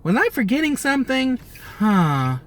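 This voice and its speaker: A man's voice: extremely high pitch, very animated, moderate pace, slight background noise. A man putting on a mocking voice of a dim, careless middle-aged woman, airheaded and drawling.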